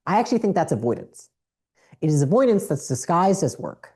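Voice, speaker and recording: A woman's voice: fairly low pitch, big pitch swings, brisk, a little mellow, breathy edge. A woman giving a blunt, profane motivational business talk on stage with a handheld mic. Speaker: business speaker.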